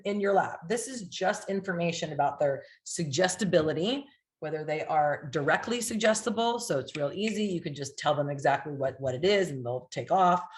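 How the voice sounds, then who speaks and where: A woman with a low voice explains hypnosis inductions in a relaxed, chatty lesson. She scatters "like" and "right?" through her talk and now and then slips into a client's voice or a soothing hypnotist line. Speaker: hypnosis coach. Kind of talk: casual teaching talk.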